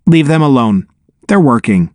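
A man reading an audiobook, voicing a gentle young mother with a husky voice. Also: mid-range voice, very animated, moderate pace, no room sound, studio quality, natural voice.

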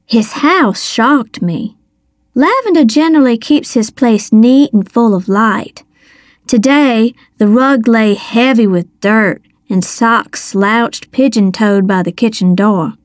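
Female audiobook narrator, unhurried and even, slightly high voice. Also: dry recording, clean studio sound. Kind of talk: scripted first-person narration.

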